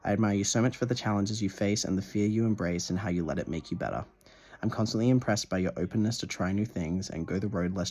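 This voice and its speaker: A young man's low, darkish voice carries this casual at-home video diary. As a vlogger, he raves about a gift with plenty of swearing and trips over his words reading a letter out loud.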